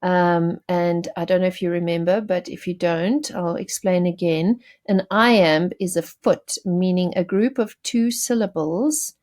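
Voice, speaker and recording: Woman teacher going thru a poem, slow and kinda low, lots of ums and restarts. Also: steady tone, darkish tone. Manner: explanatory, addresses students directly; frequent fillers and self-corrections. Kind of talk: recorded lesson, poetry analysis.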